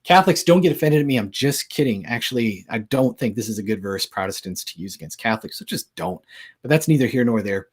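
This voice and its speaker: A man's voice: lowish voice, fairly quick, breathy edge. A man giving a casual lecture on Christian apologetics in a conversational, joking way, with lots of filler words.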